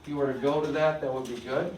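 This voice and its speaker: A man's voice: on the high side, fairly even intonation, fast talker, darkish tone, a little hiss or hum. Man teaching from across an echoey room. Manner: explaining step by step, frequent checks for understanding. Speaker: Spanish teacher. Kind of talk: classroom lecture. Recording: echoey room, mic at a distance.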